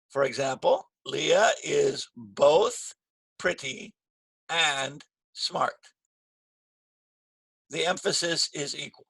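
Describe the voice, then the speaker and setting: A man teaching an English grammar lesson, slow and patient, repeating key phrases with stress. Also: a little high, gravelly, a bit bright, breathy edge, dry recording.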